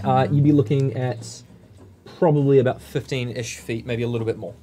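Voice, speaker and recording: A man's voice: mid-range voice, steady tone, brisk, dark tone. A man running a tabletop game as game master, narrating scenes and asking players what they do in an easygoing way.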